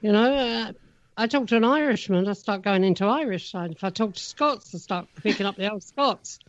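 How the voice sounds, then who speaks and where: A woman's voice: medium pitch, brisk, dry recording. A woman co-hosting a paranormal podcast in casual chat, playful and teasing. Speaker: podcast co-host. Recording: dull lo-fi remote audio.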